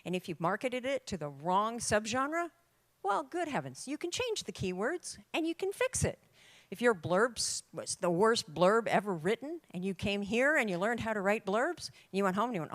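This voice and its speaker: An older woman giving an emphatic, lively talk to a room of writers, with dramatic pauses. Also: on the high side, no room sound. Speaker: conference speaker. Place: conference room.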